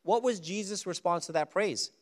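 A man preaching a sermon, asking his listeners questions and slowing down hard on the words he wants to stress. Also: high-pitched, in a large hall. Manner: animated preaching, rhetorical questions, slows for emphasis. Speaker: pastor.

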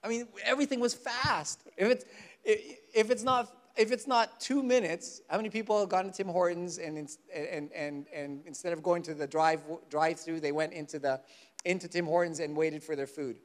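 A pastor gives a lively, humorous sermon, poking fun at himself between passages. His voice sits a little high for a man, and he stretches out key verses word by word. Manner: humorous, self-mocking, lively storytelling; slows down to stress verses. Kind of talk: sermon with Bible reading.

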